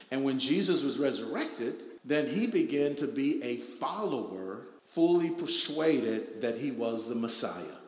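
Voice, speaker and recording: A pastor preaching a sermon, repeating lines and swelling into loud emphatic bursts before dropping back to a low, quiet tone. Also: male voice, lively intonation, measured pace. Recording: echoey hall with long reverb.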